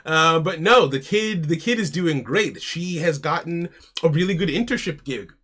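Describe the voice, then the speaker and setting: Bright-voiced American streamer, chatty. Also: male voice, fairly high pitch, lively intonation, normal speed. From United States. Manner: chatty, keeps saying "mate", talks his moves through aloud. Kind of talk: casual live-stream chat and game commentary.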